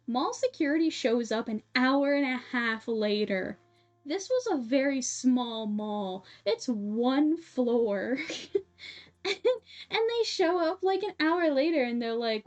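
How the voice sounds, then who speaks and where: Animated, high-voiced woman streamer. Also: a little slow. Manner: animated, filler-heavy, giggly. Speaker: livestream host. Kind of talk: casual storytelling on a livestream. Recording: slightly dull sound, faint music behind.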